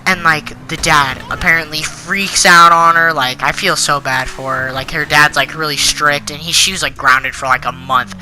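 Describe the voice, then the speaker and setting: Very bright teenage boy ranting. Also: on the high side, fairly even intonation, normal speed, hardly any pauses, a little hiss or hum, rough recording. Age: teens. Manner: indignant, rambling with many fillers. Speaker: channel host. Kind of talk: storytime rant.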